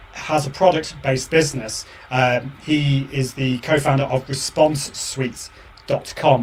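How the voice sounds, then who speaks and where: A man hosting his own live show and podcast, talking casually and enthusiastically to his viewers, with frequent repeats and fillers. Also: mid-range voice. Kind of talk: solo casual chat to viewers.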